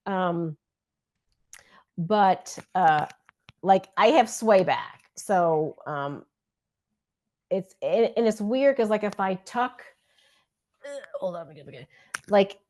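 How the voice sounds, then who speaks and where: A woman chatting on a video call, telling a story with lively acted-out quotes. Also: mid-range voice, takes it slowly, pauses often. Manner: animated storytelling, acts out quotes loudly. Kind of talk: casual chat.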